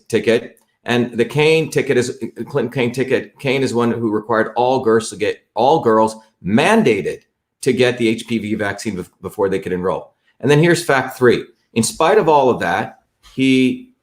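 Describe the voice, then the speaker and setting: A man hosting a live stream, talking emphatically and repeating his points as he walks viewers through a website. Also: medium pitch. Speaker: host.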